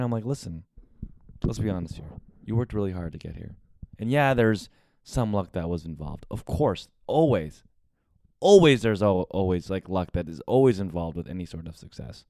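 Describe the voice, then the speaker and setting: A man's voice: deep voice, very animated, fairly quick, mellow, no room sound, clean studio sound. A young man from the United States hosting a casual podcast monologue, talking candidly and confessionally and swearing often. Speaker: podcast host.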